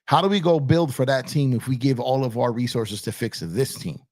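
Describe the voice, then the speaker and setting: A man's voice: medium pitch, moderate pace, a little mellow. A man hosting a sports talk show, emphatic, repeating his lines and talking straight to his chat. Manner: emphatic, repeats phrases, addresses chat as y'all. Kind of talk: animated basketball talk show. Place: home studio with purple lights. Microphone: on camera streaming setup.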